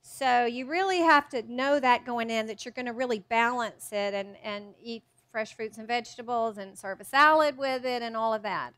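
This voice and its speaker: Chatty high-voiced woman. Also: normal speed, few pauses, fairly bright tone, clear, resonant tone. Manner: chatty, self-deprecating, many restarts. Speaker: cookbook author doing a cooking demo. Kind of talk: live cooking demonstration to an audience. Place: teaching kitchen with a live audience.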